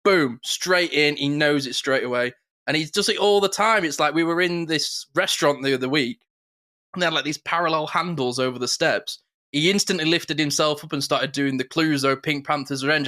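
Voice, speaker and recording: A man co-hosting a podcast in casual chat, an animated storyteller who slips into quick impressions. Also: on the high side. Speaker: podcast co-host.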